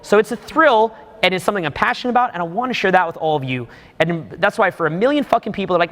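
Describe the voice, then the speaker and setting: A man's voice: high-pitched, big pitch swings, fast, fairly bright tone, long reverb tail. A man in his thirties giving emphatic, profane live commentary on video footage for a class of students. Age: 30s. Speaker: dating coach.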